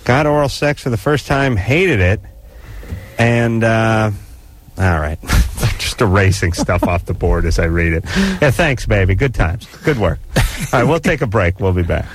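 A man's voice: on the low side, unhurried, faint music behind. A middle-aged man hosting a radio show, joking and teasing his guests. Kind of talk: casual radio talk.

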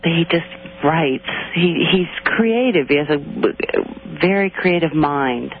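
A woman calling in to a radio show, halting and defensive as she explains her situation. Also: low voice, expressive. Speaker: caller. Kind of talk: call-in radio conversation. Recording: tinny phone line.

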